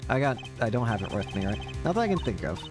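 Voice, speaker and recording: A man's voice: mid-range voice, big pitch swings, fast, close to an everyday voice. A man voicing a jumpy, easily flustered young male rookie defense attorney from a game. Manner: flustered, exclamatory. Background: game music.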